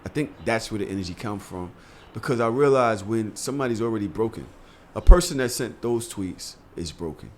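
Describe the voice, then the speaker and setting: A man hosting a casual podcast, reading comments aloud in a halting way. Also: on the low side, expressive, a little mellow, slight background noise. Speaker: podcast host.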